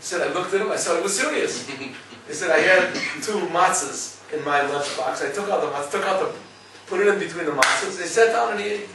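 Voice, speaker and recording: A man giving a lively Torah class, telling stories and checking with listeners as he goes. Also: sits high, brisk, very echoey, distant mic, background noise. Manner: storytelling, lively, asks listeners "right?". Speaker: rabbi teaching a class.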